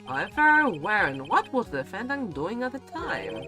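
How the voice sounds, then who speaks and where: A woman voicing an earnest young male defense lawyer, arguing firmly and deliberately. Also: mid-range voice, very animated, over music, close to an everyday voice.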